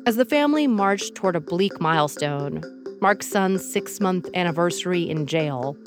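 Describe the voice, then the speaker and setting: Low-voiced woman narrating a podcast. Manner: measured, dramatic. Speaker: podcast host. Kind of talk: scripted narration.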